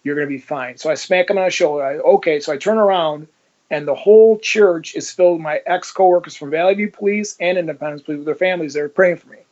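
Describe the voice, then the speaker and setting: A man's voice: on the high side, quick pace, darkish tone. Man telling a story, muffled sound. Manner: vivid, swears, acts out dialogue. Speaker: interview guest. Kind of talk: personal storytelling. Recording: dull lo-fi sound.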